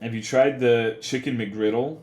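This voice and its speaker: Unhurried and a little mellow, a young man's mid-range voice holds a steady tone as he talks to his stream chat. His casual livestream talk runs to profane, rambling, half-joking rants, recorded in an echoey room.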